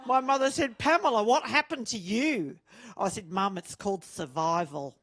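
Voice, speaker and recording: A woman with an Australian accent doing a bawdy stand-up comedy routine, loud and brash on her punchlines. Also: mid-range voice, animated, moderate pace. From born in England, raised in Australia.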